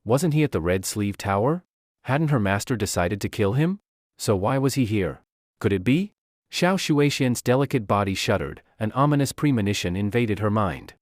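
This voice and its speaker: Man narrating a story in a dry, lively voice. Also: lowish voice, moderate pace, dry recording. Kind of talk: scripted narration.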